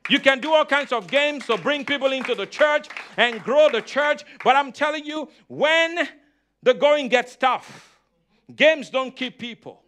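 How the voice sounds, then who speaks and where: High, bright-voiced preacher man. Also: a little slow. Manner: call-and-response preaching, repeats phrases. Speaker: pastor. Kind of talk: sermon.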